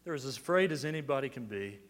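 A man preaching a sermon, explaining scripture verse by verse, building to emphatic peaks and dropping to quiet asides. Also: mid-range voice, expressive, quick pace, in a large hall. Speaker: pastor.

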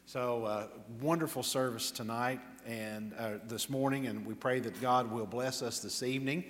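A man's voice: medium pitch, steady tone, normal speed. Man, pastor, earnest sermon delivery, medium voice, long church reverb. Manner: warm earnest preaching, hushed in prayer. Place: church sanctuary.

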